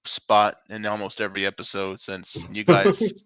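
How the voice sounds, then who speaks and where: A man's voice: lowish voice, very animated, moderate pace, fairly bright tone, clean tone, dry recording. A man hosting a podcast in casual chat, swearing and hyping things up. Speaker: podcast host.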